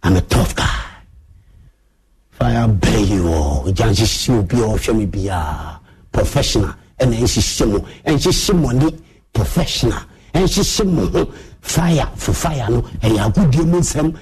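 A man's voice: medium pitch, expressive, unhurried, darkish tone, husky. A man with a Ghanaian accent, Twi his first language, giving a boastful, swaggering monologue as a show host.

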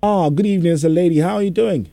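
A man's voice: high-pitched, very fast, vocal fry, mellow, no room sound. A man hosting a call-in radio show, playful and teasing with callers, sometimes singing the station's phone number. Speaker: radio host.

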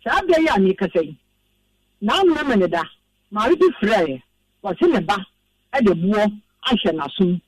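A woman's voice: medium pitch, sing-song, normal speed, long pauses, no room sound, recorded from a distance, rough recording. A woman speaking as a guest on a radio show, explaining the steps of an herbal remedy patiently and repeating the key points. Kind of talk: radio interview.

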